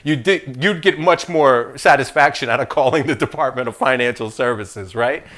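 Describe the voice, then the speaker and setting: Speaking at normal speed in a medium pitch, a man runs an insurance licensing class. His style is loose and humorous, full of lively tangents and good-natured trash talk.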